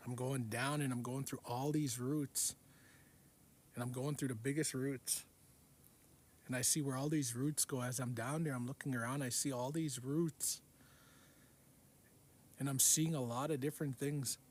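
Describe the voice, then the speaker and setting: A man telling the story of a vivid dream in an unhurried, repetitive way, often going back over the same words. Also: mid-range voice, steady tone. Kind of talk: recounting a dream.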